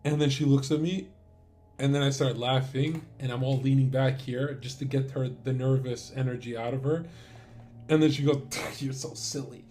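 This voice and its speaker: A man's voice: medium pitch, steady tone, moderate pace, dark tone, soft background music. A man streamer talking in a casual, crude and rambling monologue full of swearing.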